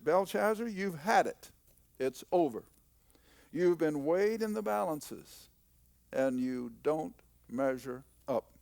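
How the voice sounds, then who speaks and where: An older man teaches scripture in a folksy, emphatic manner, repeating what matters. His voice is gravelly and his pace unhurried. The sound is dry and close. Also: fairly high pitch, animated, darkish tone, no echo. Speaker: Bible teacher. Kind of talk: conversational Bible teaching.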